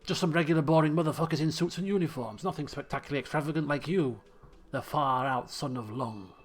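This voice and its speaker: A man's voice: fairly high pitch, quick pace, faint music behind, voice pushed down, lightly acted. A man doing a dry, sardonic disguised cop.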